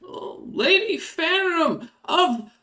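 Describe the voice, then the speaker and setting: Fawning rat-folk guard, put on by a man, high and excitable, stammers. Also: extremely slow, exaggerated voice. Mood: gushing. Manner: gushing, stammering, high-pitched.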